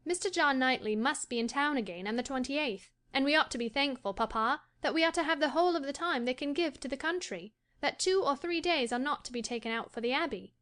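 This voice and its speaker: A woman's voice: sits high, animated, fairly quick, few pauses, a bit bright. An actress playing a cheerful young daughter who soothes her anxious father in an audiobook. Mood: reassuring. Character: bright, reassuring young daughter. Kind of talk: audiobook character voice.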